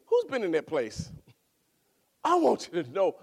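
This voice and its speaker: A man preaching a sermon, swinging from loud exclaiming to hushed near-whispers. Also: high voice, wildly swooping pitch, a little slow, gravelly, husky.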